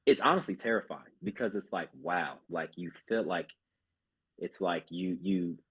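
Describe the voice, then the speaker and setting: A man's voice: deep voice, moderate pace, fairly bright tone, slightly rough. A man who is a group fitness instructor, talking earnestly as a podcast guest and often restarting his sentences. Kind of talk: casual podcast chat.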